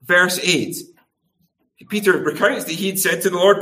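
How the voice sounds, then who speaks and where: Lively, animated male preacher. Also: high-pitched, moderate pace. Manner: asks the congregation many rhetorical tag questions; acts out quoted speech in changing voices. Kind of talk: sermon.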